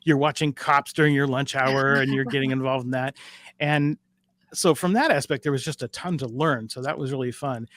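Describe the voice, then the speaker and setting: A man's voice: mid-range voice, fairly even intonation, fairly quick, a bit bright. A middle-aged man from Alaska, a dispatch trainer talking as a podcast guest, easygoing and self-deprecating, with many fillers. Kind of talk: casual interview chat.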